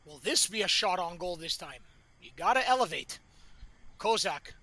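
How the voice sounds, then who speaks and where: An excitable male play-by-play commentator with a very high, bright voice that cuts through. He calls the action live and rises to shouts whenever a chance comes. His speech is peppered with colorful catchphrases. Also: moderate pace.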